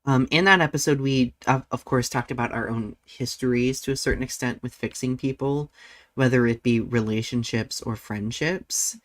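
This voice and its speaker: Animated, laughing male podcast host. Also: medium pitch, normal speed. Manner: animated, laughs easily, many "like" fillers. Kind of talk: casual chat.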